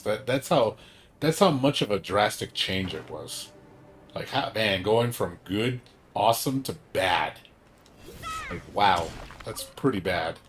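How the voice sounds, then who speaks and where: A man's voice: on the low side, slight background noise. A young man chatting casually on a game livestream, rambling with lots of fillers, emphatic and swearing now and then. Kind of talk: casual gaming stream chat.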